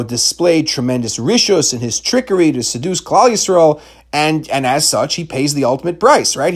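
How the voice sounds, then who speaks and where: A man's voice: fairly high pitch, slightly rough. A man giving a Torah class lecture, asking rhetorical questions and mixing in Hebrew terms.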